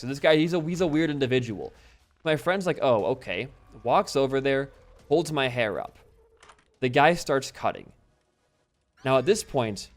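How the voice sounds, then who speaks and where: A young man telling a rambling story while playing a game, swearing freely and breaking off to react to the game. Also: mid-range voice. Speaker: gaming YouTuber.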